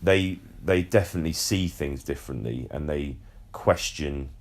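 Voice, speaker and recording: A man's voice: rumbling low, normal speed. A young man hosting a casual podcast, chatty and explaining at length, often repeating words as he starts a sentence. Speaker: podcast host.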